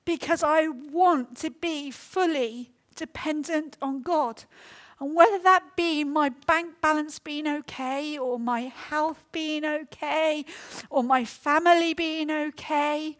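A woman's voice: high voice, fairly bright tone. A middle-aged woman from England preaching a sermon in church, telling personal stories in an earnest, emotional way with many fillers.

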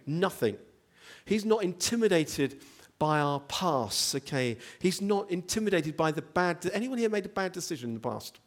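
A man's voice: high-pitched, very animated, normal speed. A man preaching a sermon, telling a story with animation and asking the congregation questions. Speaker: pastor.

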